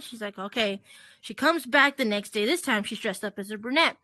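A woman's voice: on the high side, moderate pace, sharp tone, dry recording. A woman performing a chatty stand-up set in a virtual comedy club, giggling between jokes.

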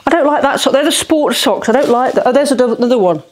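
Sorting socks on a bed in her bedroom, a middle-aged vlogger talks fast in a high-sitting voice during her declutter video. She is chatty, exclamatory and self-mocking throughout.

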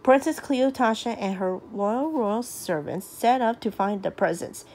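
Woman reading a kids' storybook, stumbles and restarts, lively pitch. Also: unhurried. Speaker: storybook reader. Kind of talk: reading a children's storybook aloud.

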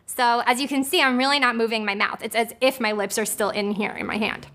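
A woman's voice: fairly high pitch, flat delivery, brisk, bright, forceful tone. A woman teaching a casual vocal lesson in an upbeat, chatty way, explaining a singing exercise step by step. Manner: upbeat and chatty, laughs between points.

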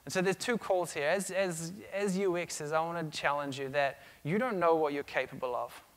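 A middle-aged man giving an energetic conference talk on stage, telling stories with frequent restarts. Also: a little high, normal speed. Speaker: conference speaker. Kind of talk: conference keynote.

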